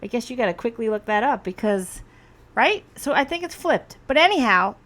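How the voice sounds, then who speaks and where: A woman's voice: a little high, very animated, a little fast, fairly bright tone. A woman hosting a podcast, chatting in a rambling, casual way and laughing often. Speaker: podcast host. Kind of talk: casual chat. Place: Hudson Valley, New York.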